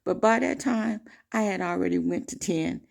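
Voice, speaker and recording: A woman vlogger telling a personal story to camera in an emphatic, animated way. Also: fairly low pitch, normal speed. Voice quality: gravelly.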